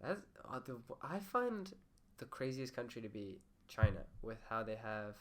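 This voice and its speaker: A man's voice: medium pitch, sing-song, normal speed. A young man from Canada, a podcast guest, chatting casually and laughing easily. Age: young adult. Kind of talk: casual chat.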